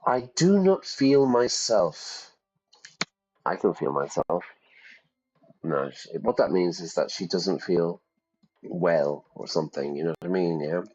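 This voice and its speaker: A man's voice: low voice, expressive, measured pace, pauses often, darkish tone, husky, soft background music. A man teaching English vocabulary in a casual, chatty way, explaining words with everyday examples. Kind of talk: casual vocabulary lesson over gameplay. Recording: dull lo-fi sound.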